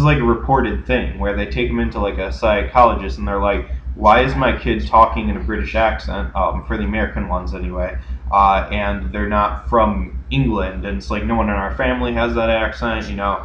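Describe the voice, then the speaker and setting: This young man co-hosts a casual chat podcast, rambling through anecdotes with many fillers and restarts. His voice is on the low side and a bit bright. A little hiss or hum runs under a dull, lo-fi recording in an echoey room.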